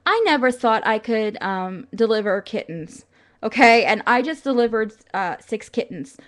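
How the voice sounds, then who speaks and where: A woman's voice: on the high side, expressive, normal speed, fairly bright tone. A young woman talking casually to her camera, earnest and chatty, with many fillers, at times close to tears. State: tearful at times. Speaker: vlogger.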